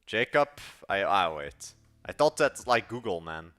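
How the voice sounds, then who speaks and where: A man's voice: sits low, big pitch swings, unhurried, fairly bright tone, soft background music. An eighteen-year-old man from Belgium with a Dutch accent, rambling casually to his live-stream chat while he codes. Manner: rambling, slangy, talks to chat and mutters while working. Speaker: live-streaming app developer.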